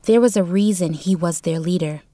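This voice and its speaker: A woman reading a storybook chapter in a steady, expressive narration. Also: fairly low pitch, normal speed, no room sound, clean studio sound. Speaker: audiobook narrator.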